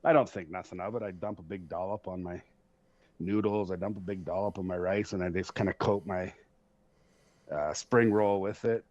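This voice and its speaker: A man hosting a podcast, telling stories in a casual, profane, animated way and laughing at himself. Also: sits low, normal speed, no echo. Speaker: podcast host. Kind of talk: casual storytelling chat. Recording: dull lo-fi sound.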